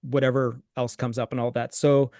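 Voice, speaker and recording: A man hosting a movie podcast, talking casually with many fillers and pauses. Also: mid-range voice, little pitch movement, darkish tone, no room sound. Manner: halting, many fillers, rambling. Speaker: podcast host. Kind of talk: casual chat, reading a screenplay aloud.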